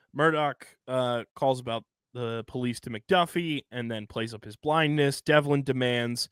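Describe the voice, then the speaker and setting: A man's voice: mid-range voice, clean tone, no room sound. Guy recapping a tv episode on a podcast, jokey asides, dead dry mic, mid voice. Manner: narrates plot points with jokey asides and fillers. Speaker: podcast co-host.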